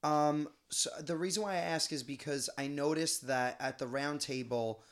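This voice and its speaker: A man's voice: fairly high pitch, normal speed, a bit bright. A young man hosting a casual chat, asking curious, somewhat hesitant questions.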